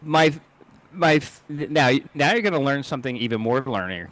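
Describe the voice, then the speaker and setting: A man's voice: medium pitch, lively intonation, moderate pace, background noise. A man co-hosting a casual podcast, rambling through a jokey history rundown and fumbling names. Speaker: co-host. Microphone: home mic on a video call.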